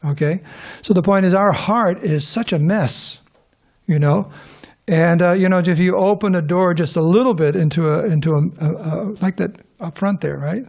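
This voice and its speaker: A middle-aged man teaches an informal scripture class to a live audience in a temple hall, rambling, restarting sentences and putting questions to listeners. He speaks at normal speed in a high-pitched, slightly mellow voice with vocal fry.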